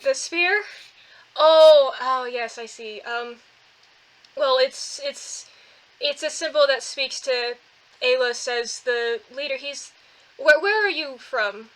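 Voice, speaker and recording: A woman's voice: high voice, slow, low-quality recording. A woman playing a courteous middle-aged temple keeper. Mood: explaining. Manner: polite, hesitant, courteous.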